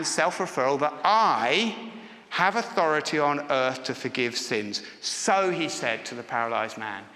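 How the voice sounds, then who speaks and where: A man preaches a sermon in a church hall, chatty and questioning toward the people in front of him. His voice is bright and lively, fairly high for a man. The sound rings with a long reverb from the room. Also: slight background noise. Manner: conversational, asks the congregation questions.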